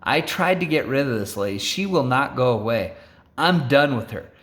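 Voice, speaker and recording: A man's voice: medium pitch, expressive, normal speed, fairly bright tone, lightly acted. A man voicing an exasperated woman driver who has had enough, in a story told aloud. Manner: exasperated, done with it.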